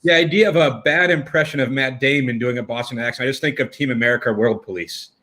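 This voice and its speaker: Fast talking cohost guy, bright, dry jokes. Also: mid-range voice, fairly even intonation. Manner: dry, wisecracking. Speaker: co-host. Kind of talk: casual chat.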